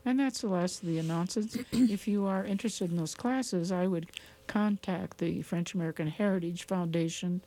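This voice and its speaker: A woman co-hosts a community radio show and reads the announcements steadily. Her voice is fairly low and mellow, and she delivers the listings plainly, without fuss. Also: normal speed. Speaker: radio co-host. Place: radio studio.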